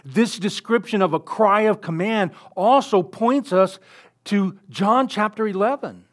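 A man preaching a sermon in an earnest way, building up loudly on key phrases. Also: high voice, measured pace. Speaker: pastor.

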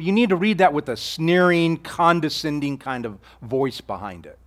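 Male pastor, sermon delivery, slightly high voice, earnest and conversational with hushed emphasis. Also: animated, moderate pace, hardly any pauses. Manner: earnest preaching, rhetorical questions, drops to near-whisper on key lines.

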